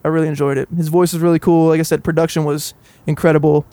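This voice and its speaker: A man's voice: fairly high pitch, little pitch movement, quick pace, mellow, dry recording. A young man chatting casually about music, telling a rambling funny story and laughing often. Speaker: podcast co-host. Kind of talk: casual music review chat.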